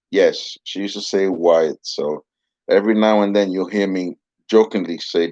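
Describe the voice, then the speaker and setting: A very deep-voiced man leads a casual Bible lesson in a patient, soothing, rambling way. His voice is dry and close. The recording is dull and lo-fi. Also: normal speed, a little mellow, no room sound. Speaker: Bible teacher with a puppet.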